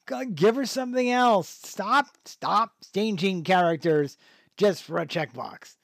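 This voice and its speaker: A man's voice: high voice, lively intonation, measured pace, creaky, a bit bright, no room sound, studio quality. A man hosting a podcast, reviewing in a rambling, casual way with lots of fillers, restarts and chuckling asides. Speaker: podcast host.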